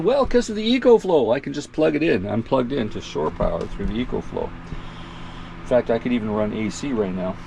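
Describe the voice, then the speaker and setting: A man's voice: on the high side, creaky, a little hiss or hum. A man in a chatty, self-mocking vlog, walking viewers through his motorhome and laughing often. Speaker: RV vlogger. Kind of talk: casual vlog walkthrough. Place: inside a motorhome.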